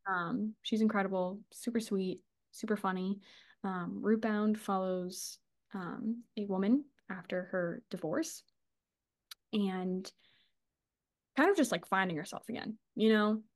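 A woman's voice: mid-range voice, unhurried. A woman co-hosting a casual book podcast, gushing and chatty, swearing and laughing as she talks. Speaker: podcast co-host.

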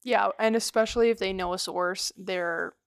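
Gravelly woman reacting on a podcast. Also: mid-range voice, steady tone, dry recording, clean studio sound. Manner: reactive, quick to sound amazed. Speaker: podcast co-host. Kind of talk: casual chat, reacting.

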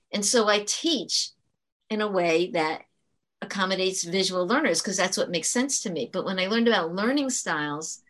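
A woman's voice: fairly low pitch, a bit bright. A woman who works as a teacher, talking earnestly in an interview and explaining her points with frequent restarts. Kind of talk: conversational interview storytelling.

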